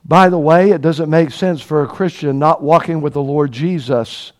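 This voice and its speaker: A man preaching in an earnest sermon voice that sits fairly high for a man. He presses his listeners with rhetorical questions and swells into loud, emphatic peaks. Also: moderate pace.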